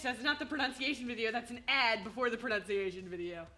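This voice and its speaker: A woman's voice: on the high side, fairly even intonation, fast, sharp tone, soft background music. A woman streaming a video game with chatty, laughing commentary and swearing asides, on a desk mic. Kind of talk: casual gaming commentary. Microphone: headphones and desk mic.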